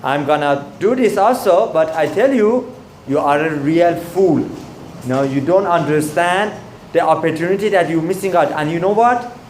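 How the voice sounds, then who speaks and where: A man's voice: fairly high pitch, normal speed, a little mellow, echoey room, a little hiss or hum, natural voice. A man voicing a short-tempered, proud male emperor who scolds in a raised, indignant voice.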